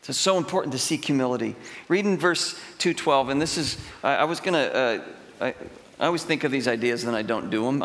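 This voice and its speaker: In a big church with long hall reverb, a middle-aged preacher delivers a sermon, relating stories conversationally and voicing quotes emphatically. His voice is mid-range and a bit bright.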